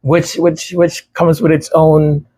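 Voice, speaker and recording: A man's voice: a little high, flat delivery, slow, dark tone, breathy edge. A man with a stutter and a tongue tie talking casually to his viewers, repeating words and struggling with some sounds. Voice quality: tongue-tied, some sounds hard to pronounce. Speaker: music creator speaking to supporters.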